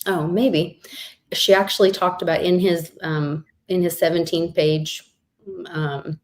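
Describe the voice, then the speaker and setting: Low-voiced tired woman. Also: steady tone, a little slow. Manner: chatty, a bit scattered, loses her words. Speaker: co-host. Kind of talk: casual chat.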